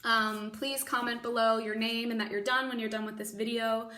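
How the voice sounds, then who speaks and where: A woman teacher reading a children's novel aloud, expressive and bringing the characters to life with voices. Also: fairly high pitch, moderate pace. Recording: echoey room, mic at a distance.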